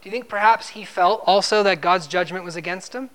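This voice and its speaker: Speaking briskly with few pauses, a man with a high, somewhat bright voice gives a conversational expository sermon. He asks his listeners questions and repeats words for emphasis.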